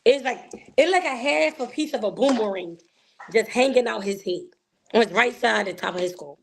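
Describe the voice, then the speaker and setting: A woman, a guest telling an emotional personal story in an animated way, acting out the voices she quotes. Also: a little high, normal speed, creaky, a little hiss or hum.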